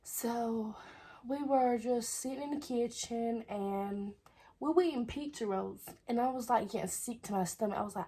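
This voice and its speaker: Young woman vlogger, AAVE, husky tone, rambling "I was like" storytelling. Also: on the high side, normal speed, warm tone. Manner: chatty, repeats "I was like". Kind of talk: casual storytelling.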